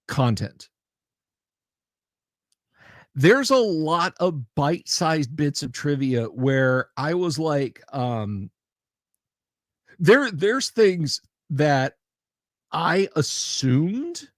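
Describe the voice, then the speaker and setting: A man hosting a livestream talks in an unhurried, stop-and-start way, full of pauses and restarts. He repeats key phrases to drive his point home. His voice is recorded close and dry, with no room sound. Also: fairly high pitch, dry recording. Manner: emphatic, repeats himself. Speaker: livestream host. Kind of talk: casual chat.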